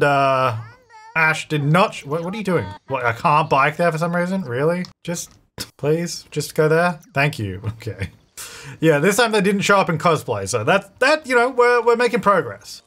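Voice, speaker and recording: Male let's-play host with a slightly high, bouncy voice; chatty, excitable, talks back to the characters. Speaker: gaming channel host. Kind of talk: casual gameplay commentary.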